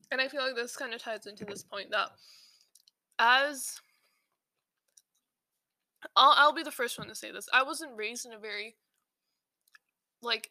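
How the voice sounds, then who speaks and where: A young woman hosts a podcast in loose, rambling chat. She keeps restarting her sentences and filling gaps with "like". Her voice is bright and a little high, and the dry recording has almost no room sound. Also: no room sound. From South Asia. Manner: rambling, many fillers and restarts. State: slightly out of breath while eating. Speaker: podcast host.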